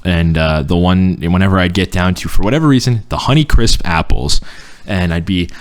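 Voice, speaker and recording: A man's voice: low-pitched, moderate pace, clean tone. A man hosting a casual podcast chat in an easygoing way who stutters at times, repeating words. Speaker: podcast host.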